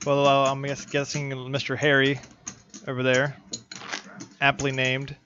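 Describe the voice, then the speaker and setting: A man's voice: medium pitch, completely flat delivery, measured pace, pushed and bright, lo-fi sound, a little hiss or hum. A man casually commentating a live poker stream, playful and joking as he thanks viewers.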